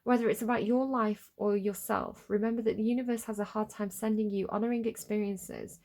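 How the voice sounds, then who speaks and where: A woman's voice: medium pitch, fairly even intonation, brisk, a little mellow. Giggly woman reading tarot. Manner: giggly, playful and rambling. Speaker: tarot reader.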